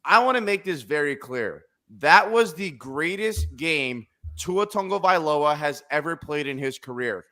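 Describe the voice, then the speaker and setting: A man hosting a casual sports talk show, excitable and emphatic, hammering his points home with repetition. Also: on the high side, measured pace. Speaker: podcast host.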